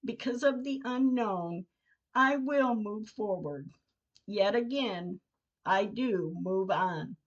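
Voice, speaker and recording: A woman reads her own diary entries aloud for her podcast. She speaks slowly and deliberately, at a mid pitch, and her voice carries emotion throughout. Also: highs cut off. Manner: slow, measured, emotional diary reading. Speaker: podcast host.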